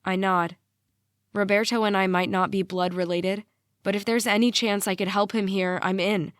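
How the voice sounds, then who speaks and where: A woman's voice: medium pitch, level tone, normal speed, clear, resonant tone, no echo. A woman narrating a young adult novel in the first person, earnest and intimate, on a close mic. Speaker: audiobook narrator.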